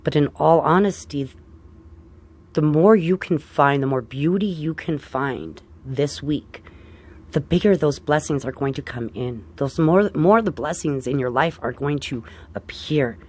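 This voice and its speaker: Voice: mid-range voice, unhurried, a little mellow. An astrologer giving a casual forecast to viewers, chatty and upbeat, often tagging on "right?" and calling listeners dear friends.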